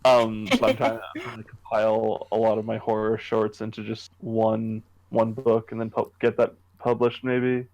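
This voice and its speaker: A young man from Canada, co-hosting a podcast, chatting casually about his writing in a halting way with many restarts. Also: on the low side, completely flat delivery, a little mellow, rough recording. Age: young adult. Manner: halting, restarts often, laughs easily. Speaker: podcast co-host, horror writer. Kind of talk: casual chat.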